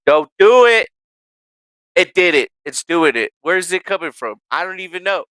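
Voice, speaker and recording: A man streaming from his home setup, ranting casually and profanely, swearing at his own software. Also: high voice, expressive, moderate pace, clean tone, no echo, studio quality. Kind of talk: casual livestream rant. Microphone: desk microphone with noise gate.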